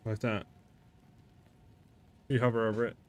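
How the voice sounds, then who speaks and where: This man's voice is lowish and flat, moving at a measured pace as he streams a game. He chats loosely with viewers in a restless, rambling way, speaking to chat by name and peppering his speech with "like" and "you know."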